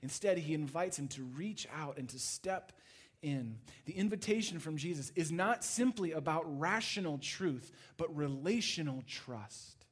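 High-voiced man preaching with big swings. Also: lively intonation, measured pace, slightly rough. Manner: dynamic preaching, swings from loud to hushed. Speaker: pastor. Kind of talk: sermon.

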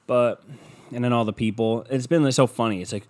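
A man's voice: medium pitch, steady tone, a little fast, a little mellow. A young man talking to his viewers in a loose, profane, rambling vlog rant, full of mocking asides.

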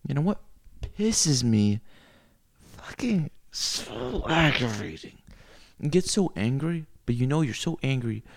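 A man rambling through a crude comic monologue, cursing freely and swinging into loud rants. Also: mid-range voice, very animated, unhurried.

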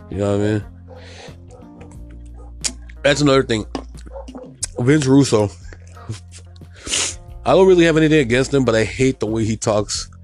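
A man's voice: sits low, darkish tone. A man hosting his own show, ranting in a casual, profane, rambling way and mocking others in a put-on voice. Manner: profane, rambling, repeats "you know what I mean". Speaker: podcast host. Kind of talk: casual solo rant.

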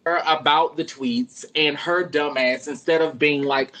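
Guy cohosting, sassy and profane, bright voice, laughs a lot. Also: fairly high pitch, fairly even intonation, a little slow, hardly any pauses, rough recording. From Miami, Liberty City. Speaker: podcast co-host. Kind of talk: casual chat.

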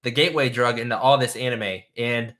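A man's voice: medium pitch, fairly even intonation, a little fast, bright, forceful tone. A man in casual chat, retelling an anime scene in a rambling, enthusiastic way with lots of fillers.

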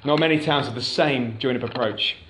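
A man's voice: medium pitch, a little fast, fairly bright tone, roomy sound, slight background noise. A man preaching a sermon to a congregation in a church, conversational and asking the room questions. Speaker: pastor. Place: church hall.

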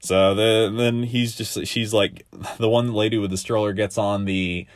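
Young male podcast host, low-pitched, loose rambling recap, dry close-mic sound. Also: steady tone, no echo. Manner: rambling, laid-back, lots of fillers and quick asides. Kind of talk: casual recap of a TV episode.

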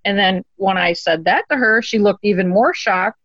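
A woman's voice: mid-range voice, moderate pace, few pauses, dry recording. Earnest woman telling a story. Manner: earnest, animated storyteller who acts out quotes. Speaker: interview guest. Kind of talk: personal storytelling. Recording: dull, dry lo-fi recording.

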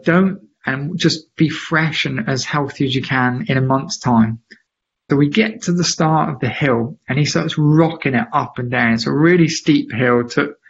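A man, a podcast guest, telling a story with lively emphasis and acting out the voices of people he quotes. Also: mid-range voice, slightly rough, muffled recording. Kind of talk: animated storytelling in a podcast interview.

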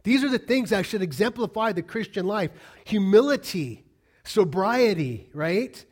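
High-voiced emphatic male preacher. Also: animated, a little slow. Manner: emphatic preacher, repeats key lines, asks the congregation questions. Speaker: pastor. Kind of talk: sermon.

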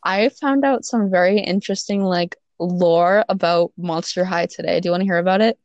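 A young woman in casual chat, teasing her friend with quick jokes and asides. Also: lowish voice, darkish tone, no echo, lo-fi sound.

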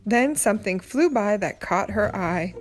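A woman reading a children's picture book aloud, narrating gently and clearly. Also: mid-range voice, animated, unhurried, faint music behind. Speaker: storybook reader.

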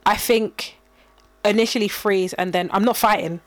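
A woman's voice: medium pitch, fairly even intonation, normal speed, dry recording. A woman, co-hosting a casual chat and telling stories in a rambling way that trails off and restarts.

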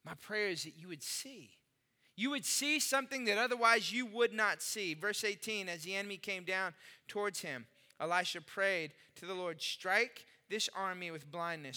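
A man preaching with a very high, piercingly bright voice. He talks straight to his listeners, punching some phrases and dropping others to a near hush. Everything carries a long, reverberant hall tail. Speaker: pastor. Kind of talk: sermon.

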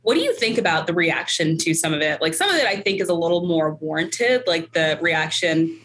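A woman's voice: on the low side, lively intonation, a little fast, a bit bright, poor audio. Woman co-host in loose casual chat. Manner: loose, filler-heavy talk with lots of "like". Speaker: podcast co-host.

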